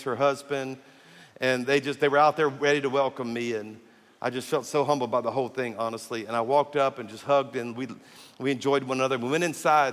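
A man preaching a sermon as pastor, telling stories animatedly and acting out the dialogue. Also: medium pitch. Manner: animated storyteller who acts out dialogue. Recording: long reverb of a large hall.

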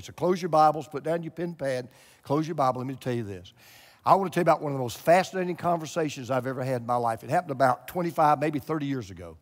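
A pastor preaching a televised sermon, swinging between hushed and loud emphatic lines. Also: male voice, on the high side, in a large hall. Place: large church room.

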